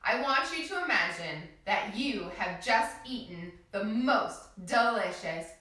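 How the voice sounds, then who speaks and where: A woman leading a yoga class for small children, in a sing-song, gently encouraging way. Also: mid-range voice, animated, measured pace. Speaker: kids yoga teacher. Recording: echoey room, voice from a distance.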